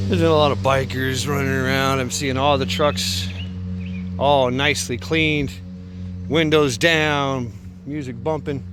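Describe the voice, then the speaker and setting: A man's voice: medium pitch, steady tone, unhurried, music in the background. A man out of breath, chatting casually and laughing at himself as he records a vlog on his phone while walking outdoors by a creek. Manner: laid-back, rambling, laughs at himself. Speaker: vlogger. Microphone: phone held while walking.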